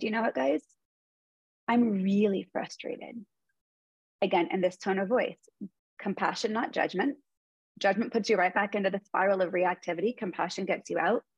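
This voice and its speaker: A woman's voice: mid-range voice, breathy edge, no room sound, poor audio. A woman in her forties, a guest in an interview, telling earnest stories about parenting and mindfulness. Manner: earnest storytelling. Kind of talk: conversational interview.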